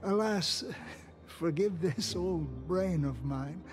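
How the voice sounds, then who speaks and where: An actor playing an aging, doting father with a gentle old-man manner in game dialogue, clear game music underneath. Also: on the high side, takes it slowly. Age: older.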